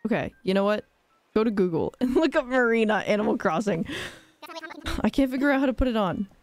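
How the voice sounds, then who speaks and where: A woman's voice: on the high side, expressive, a little fast. A young woman live-streaming a game, chatting casually in a bubbly, giggly, rambling way and reacting to chat.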